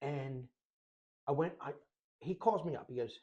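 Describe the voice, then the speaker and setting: A middle-aged man co-hosting a podcast tells a story in casual chat, animatedly acting out voices and often breaking into laughter. His voice is medium-pitched and measured in pace, and the recording has its highs cut off.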